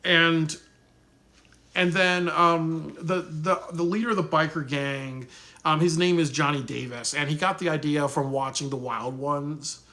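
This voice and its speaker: A man giving a casual spoken movie review, rambling with many pauses and restarts. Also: fairly high pitch, steady tone, sharp tone.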